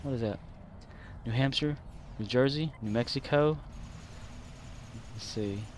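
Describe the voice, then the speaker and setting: A man's voice: medium pitch, measured pace, slight background noise. Rambling, jokey man streaming a game. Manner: rambling, jokey, laughs at his own bits. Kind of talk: casual live-stream chat.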